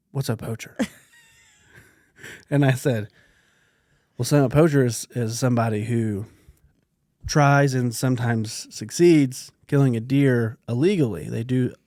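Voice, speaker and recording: A man's voice: medium pitch, unhurried, long pauses, dry recording, clean studio sound. A man co-hosting a podcast, telling stories in casual chat and acting out the quotes, sometimes dropping to a whisper. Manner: animated storyteller, acts out quotes, drops to a whisper. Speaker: podcast co-host.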